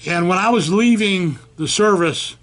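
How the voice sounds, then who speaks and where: An older man being interviewed about his time in the service, spinning a lively story. He acts out what everyone said, his voice sitting fairly high for a man. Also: a little slow, a little hiss or hum. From United States. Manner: animated storyteller acting out quoted voices. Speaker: veteran interviewee. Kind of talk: telling a war-era anecdote.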